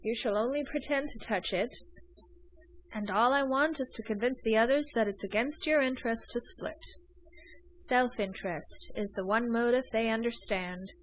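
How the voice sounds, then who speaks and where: In a rough recording, a woman reads a storybook passage as a young gentleman smuggler, excitable and somewhat high-voiced, pleading his case with urgency. Her delivery moves at normal speed in a natural voice.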